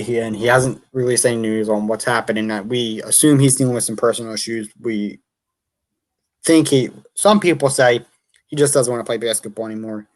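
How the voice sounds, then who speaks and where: A medium-pitched man hosts a casual sports talk show. An opinionated fan, he thinks aloud, corrects himself, and reads statistics off the screen.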